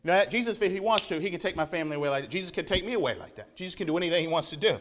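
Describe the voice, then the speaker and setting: A man preaching to his church in a fairly high voice for a man. He gets animated and stumbles over repeated words as he builds up a point. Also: rapid-fire, hardly any pauses. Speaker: pastor. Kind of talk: sermon.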